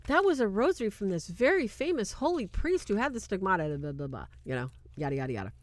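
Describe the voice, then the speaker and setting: A woman's voice: mid-range voice, very animated, fast, no room sound, lightly acted. A woman voicing a chatty, doting mother on the phone, bubbly and breezy.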